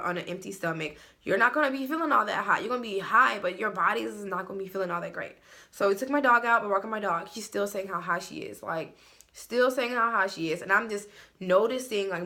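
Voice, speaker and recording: A woman's voice: medium pitch, pushed and bright. A woman vlogger telling a story from her room at home, in a loose, profane way, full of fillers. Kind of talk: casual storytime monologue.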